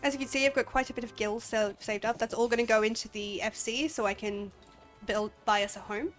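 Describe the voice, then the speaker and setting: A woman's voice: on the high side, steady tone, fairly quick. A woman with an Australian accent chatting casually while streaming a game, sniffly and a bit drowsy, rambling and laughing often. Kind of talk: casual gameplay commentary. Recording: faint game music behind.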